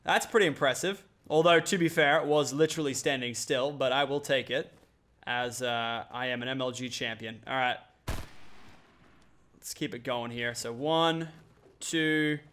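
A young man giving excitable, playful commentary over a mobile battle royale match. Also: medium pitch. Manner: excitable, quick reactions, playful trash talk. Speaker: gaming YouTuber. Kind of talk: gameplay commentary.

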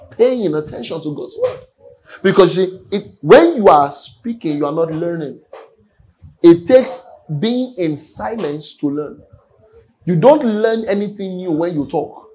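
A man's voice: a little high, a little mellow, low-quality recording. A man preaching a sermon earnestly, often repeating his words. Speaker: pastor. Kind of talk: sermon teaching.

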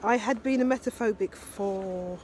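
A woman in her fifties recording a personal video diary on her handheld phone, talking in a heartfelt, halting way with many fillers. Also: medium pitch, a little mellow, a little hiss or hum. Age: 50s. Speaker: video diarist. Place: ski resort and restaurant abroad.

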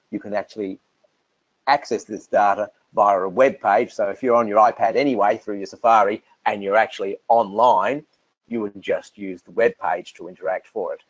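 An Australian man explains software features on a webinar in a relaxed way, with frequent fillers and restarts. His voice sits fairly low. The audio is dry and dull, like a lo-fi recording. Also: moderate pace, dry recording. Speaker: software presenter. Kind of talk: answering technical questions on a webinar.

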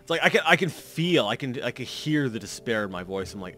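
A man's voice: mid-range voice, sing-song, brisk, pushed and bright, faint music behind. A man in his thirties giving rambling, self-mocking commentary while playing a game, full of restarts and fillers. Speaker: let's play commentator. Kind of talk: gameplay commentary.

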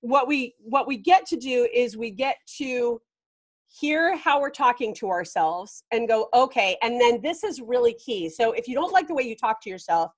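Animated woman life coach, rather high. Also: moderate pace. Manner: animated and emphatic, laughing often. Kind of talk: casual podcast interview.

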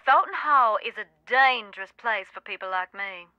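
A woman's voice: mid-range voice, animated, normal speed, no echo, highs cut off, lightly acted. An actress playing a serious Southern woman who calls with a case in a game. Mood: earnest. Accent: American Southern. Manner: earnest, warning.

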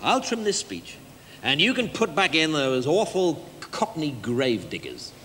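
A man's voice: on the high side, very animated, unhurried. An actor playing a pushy, glib theatre producer who talks in a coaxing, salesman-like patter in a live comedy sketch. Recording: live stage audio with hall reverb and noise.

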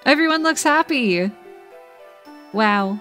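A woman's voice: sits high, lively intonation, slow, fairly bright tone, faint music behind. A woman streamer chatting and giggling with viewers while reading game text aloud during a let's-play livestream.

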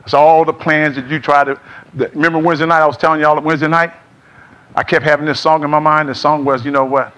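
High-voiced man preaching a sermon. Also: level tone, quick pace, fairly bright tone. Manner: call-and-response preaching, asks congregation to repeat. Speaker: pastor. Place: church sanctuary.

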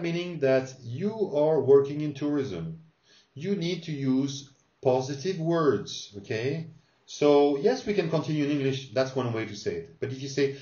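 A man teaching an English lesson, repeating phrases slowly and clearly for learners to copy. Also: mid-range voice, lively intonation, mellow. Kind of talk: English lesson with pronunciation drills. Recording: roomy, slightly dull sound.

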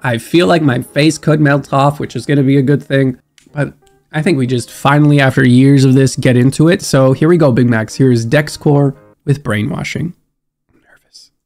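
A young man with a congested, stuffed-up nose talks through a music reaction. He muses aloud and gets excitable, in an everyday mid-range voice. Faint music sits behind him. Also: medium pitch, normal speed. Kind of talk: casual reaction commentary.

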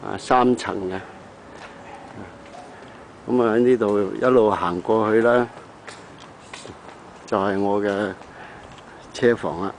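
Slow-talking man narrating his home video. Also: lowish voice, steady tone, slight background noise, poor audio. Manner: unhurried, filling pauses with short hums and "ah"s. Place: outdoors around a house and yard. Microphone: handheld camera.

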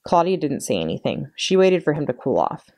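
A woman librarian reading a children's chapter book aloud in an expressive storytelling way. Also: low-pitched, brisk. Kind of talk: read-aloud storytime narration.

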